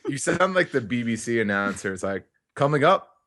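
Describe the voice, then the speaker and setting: A man's voice: medium pitch, sing-song, brisk, a bit bright, dry recording, studio quality. A man chatting on a podcast, giggling and rambling as he jokes. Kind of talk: casual chat.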